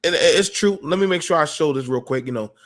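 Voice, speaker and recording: A man hosts a casual call-in podcast and talks in an animated, preachy storytelling manner full of slang. His voice sits a touch higher than most men's. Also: a little fast. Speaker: podcast host.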